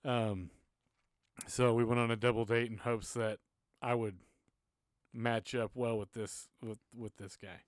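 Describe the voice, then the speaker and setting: A man's voice: mid-range voice, steady tone, moderate pace, dry recording, studio quality. A man from Texas, without a Texas accent, telling an earnest, self-deprecating story in a casual faith conversation.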